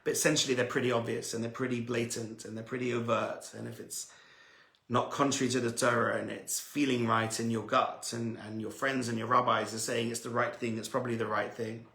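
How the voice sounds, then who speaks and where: Passionate rabbi with a bright voice in an echoey room. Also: male voice, mid-range voice, little pitch movement, fairly quick, creaky. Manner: passionate, swings between loud emphatic peaks and soft hushed stretches. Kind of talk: Torah talk.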